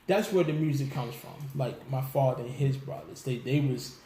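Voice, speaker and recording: A man telling stories as a guest in a casual interview, animated, laughing often and acting out what people said. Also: mid-range voice, moderate pace. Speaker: musician guest. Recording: echoey room with faint background noise.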